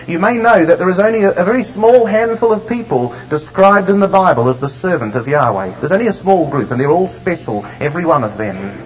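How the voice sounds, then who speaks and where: A man preaching a sermon, emphatic and slowing down to stress the scripture he reads. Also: on the high side, slight background noise. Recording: dull lo-fi recording.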